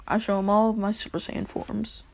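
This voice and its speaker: A woman's voice: mid-range voice, flat delivery, normal speed, creaky, a little mellow. A woman telling a casual self-insert story, rambling and chuckling between lines. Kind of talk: casual fan-fiction storytelling.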